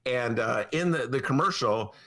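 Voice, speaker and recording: A man's voice: medium pitch, expressive, moderate pace, fairly bright tone. A man hosting a podcast, chatting casually and joking, rambling with fillers and restarts. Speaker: show host. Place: podcast studio.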